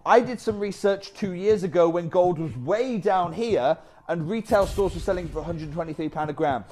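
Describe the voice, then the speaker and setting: A man presenting a live shopping channel, chatty and energetic with off-script asides. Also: sits high, normal speed.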